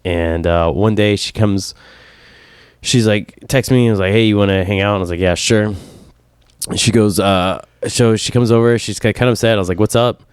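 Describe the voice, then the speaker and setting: Smooth low-voiced man telling a story. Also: moderate pace, no echo, studio quality. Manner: animated storyteller, voice jumps up when quoting himself. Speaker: podcast co-host. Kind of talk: casual storytelling chat.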